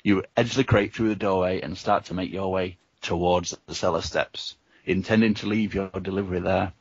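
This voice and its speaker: A man reading a gamebook aloud to friends as host, steady and offering them the choices. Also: sits low, normal speed, breathy edge, no echo, muffled recording. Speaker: reader and host.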